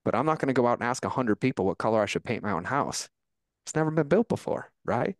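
A man who is a podcast guest, talking casually as an animated, emphatic storyteller. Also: medium pitch, fast, no room sound. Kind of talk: casual conversation.

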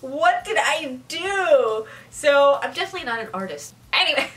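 A woman's voice: high-pitched, normal speed, distant mic. Giggly young woman vlogging from afar. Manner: giggly, animated, self-mocking. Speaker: youtuber. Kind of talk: casual vlog commentary. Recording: mic set back, faint ambient noise.

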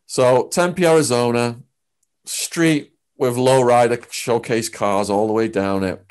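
A man with an English accent, a guest in a sit-down interview, telling his story in an animated way with big swings in pitch and loudness. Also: takes it slowly, clean tone. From England.

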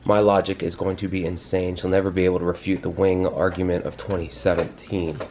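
A man's voice: low voice, flat delivery, a little fast, a little mellow, slight background noise. A young man casually vlogging about his day, joking and teasing himself. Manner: jokey, self-mocking, playful with his toddler. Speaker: vlogger and dad. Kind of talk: casual vlog chat.

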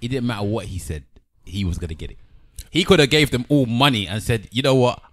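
A man's voice: medium pitch, expressive, fast talker, no echo. A man co-hosting a podcast, jumping in emphatically during a casual debate. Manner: emphatic, interjecting. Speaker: podcast co-host.

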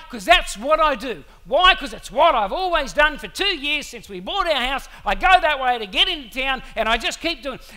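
A man preaching a sermon, telling a story in an animated way with asides to the congregation. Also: very high-pitched. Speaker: pastor.

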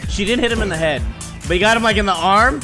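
A man in his thirties streaming, telling stories in casual, profane chat and yelling at the game he plays. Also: sits high, fast, over music. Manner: profane, animated storytelling, yells at the game.

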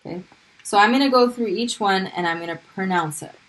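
A woman's voice: mid-range voice, a little fast, fairly bright tone, poor audio. A woman teaching Arabic pronunciation in a recorded video lesson, patiently repeating each sound for drilling.

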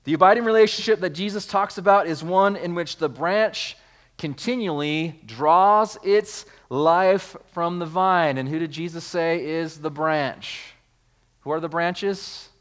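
A man's voice: on the high side, measured pace. Man preaching, scripture and rising emphasis. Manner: reads scripture aloud, then explains it with rising emphasis and repeated words; restarts phrases, calls on the congregation. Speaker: pastor. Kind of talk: sermon.

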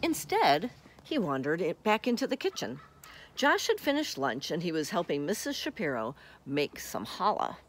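A woman reads a children's picture book aloud in a friendly manner, turning to talk to young listeners. Her voice has a lively, animated range, and faint noise sits underneath it. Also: low voice. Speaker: storybook reader.

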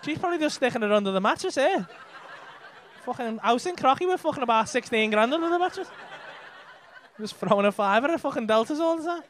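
A man with a Liverpool accent works the crowd at a comedy club, joking with the audience in brash, sweary banter. His voice sits high and jumps lively up and down. Faint laughter from the audience comes through behind the handheld mic. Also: quick pace, slight background noise. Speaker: stand-up comedian. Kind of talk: stand-up crowd work.

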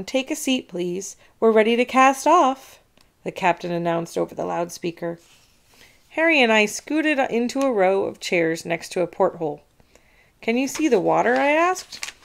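A woman reading a children's chapter book aloud, making the characters' lines higher and louder than the narration. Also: creaky. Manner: expressive, voices dialogue higher and louder. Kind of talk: read-aloud storytelling.

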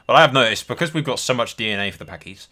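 A man's voice: mid-range voice, animated, racing, bright, forceful tone. A man doing casual let's-play commentary, thinking aloud and swearing often. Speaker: gameplay host.

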